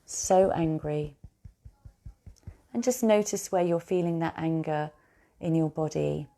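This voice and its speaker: Woman coach guiding a tapping session; low, gravelly, mellow voice, slow repeated affirmations. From United Kingdom. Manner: slow, repetitive affirmations for the listener to echo.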